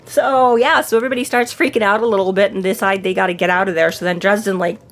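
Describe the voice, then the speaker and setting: A woman co-hosting a podcast in casual book-discussion chat, retelling scenes with lively put-on voices. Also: medium pitch, fast. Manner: animated retelling, puts on voices for quotes. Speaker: podcast co-host.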